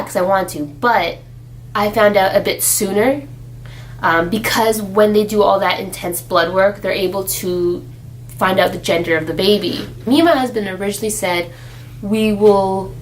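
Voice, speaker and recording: A young woman vlogging about her pregnancy in a chatty, animated way, acting out the people she quotes. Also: mid-range voice, a little hiss or hum, low-quality recording. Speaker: expectant mother vlogger. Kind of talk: casual chat.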